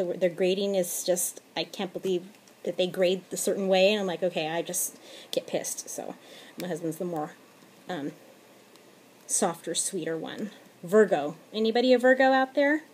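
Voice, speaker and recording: Chatty mom rambling through a craft tutorial. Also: female voice, medium pitch. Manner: chatty, laughs often, drops to quiet asides. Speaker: crafting vlogger. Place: home at night. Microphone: tablet camera.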